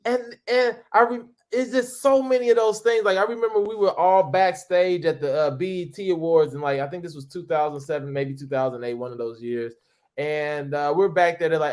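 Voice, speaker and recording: A man in his thirties, an interview guest, telling stories in a casual, animated way, acting out other people's voices and often restarting his sentences. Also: on the high side, moderate pace. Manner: animated, acts out quoted voices, frequent restarts. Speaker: interview guest, former reality TV cast member.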